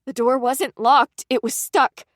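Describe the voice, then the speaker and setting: A woman narrating a suspense audiobook in the first person, with a measured, tense reading. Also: high voice, steady tone, fairly bright tone, no room sound, clean studio sound.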